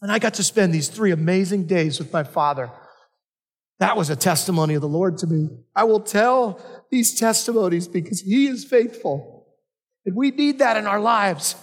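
A man's voice: high-pitched, expressive, normal speed. A male pastor preaching a sermon, telling personal stories in a conversational way. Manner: conversational storytelling. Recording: long reverb of a hall.

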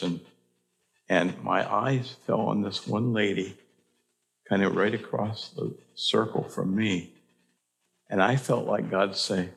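Older pastor with a gravelly voice. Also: male voice, deep voice. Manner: earnest, halting with restarts. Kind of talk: sermon storytelling.

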